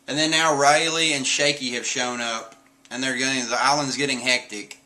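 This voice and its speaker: A man casually recapping a manga chapter on a live stream, animated and slipping into quick squeaky voices for the characters. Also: rough recording. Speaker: host reviewing manga chapters.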